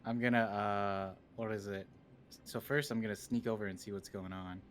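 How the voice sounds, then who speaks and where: A man playing a tabletop game, swearing often and asking quick questions. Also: fairly low pitch, steady tone, a little hiss or hum. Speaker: player. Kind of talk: casual tabletop play.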